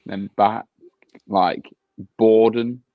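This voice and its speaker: A man giving brief, low-key answers in a casual live-stream chat. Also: steady tone, very slow, no room sound, phone-quality sound.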